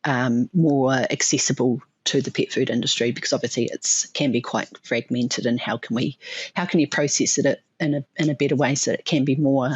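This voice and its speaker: A woman with a New Zealand accent answering interview questions thoughtfully, pausing often with fillers and restarts. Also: very deep voice, steady tone, breathy edge, lo-fi sound. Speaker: guest expert.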